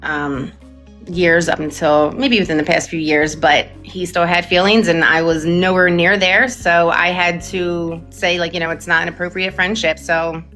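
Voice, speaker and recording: Measured low-voiced woman guest. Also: flat delivery, fairly bright tone, soft background music. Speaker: podcast guest. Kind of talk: casual chat.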